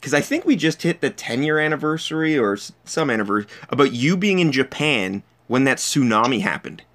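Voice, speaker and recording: Podcast host dude, mid-pitched voice, chatty and laughing a lot, swears here and there. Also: male voice, lively intonation, a little fast, a bit bright. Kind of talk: casual podcast chat.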